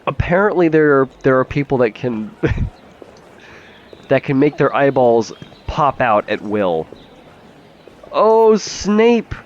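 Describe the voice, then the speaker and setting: A man's voice: mid-range voice, big pitch swings, slow pace, pauses often, dull audio. A man giving casual, chatty gameplay commentary as a let's play host, swearing freely and laughing easily.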